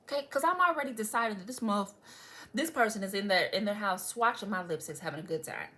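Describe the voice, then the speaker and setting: A woman's voice: mid-range voice, animated, quick pace, bright, forceful tone. A young adult woman vlogger telling a story in casual chat, dramatic and sarcastic, swearing freely and asking viewers asides. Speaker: beauty vlogger.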